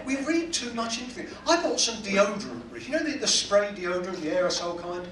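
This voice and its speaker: A man's voice: high-pitched, big pitch swings, fairly quick. A man doing a stand-up comedy set, delivering punchlines and acting out quotes. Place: cruise ship cabaret room. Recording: echoey room, distant mic, loud audience noise.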